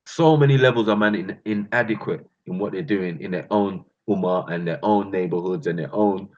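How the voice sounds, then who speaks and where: A man's voice: low voice, moderate pace, dull audio. A man with a London accent hosting his channel, delivering a passionate rant full of street slang and calling his listeners bruv and fam. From England. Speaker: channel host.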